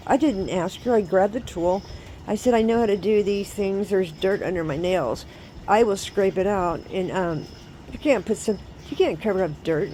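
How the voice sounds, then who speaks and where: A woman's voice: mid-range voice, warm tone, a little hiss or hum, poor audio. A woman casually telling a rambling personal story and preaching emphatically about faith, with lots of fillers. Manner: frequent fillers like "so, like" and "um".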